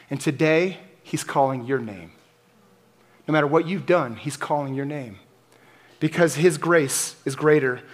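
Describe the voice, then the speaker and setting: A man preaching an Easter sermon as pastor, building to forceful emphatic peaks and dropping to quiet, intimate asides. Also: a little high.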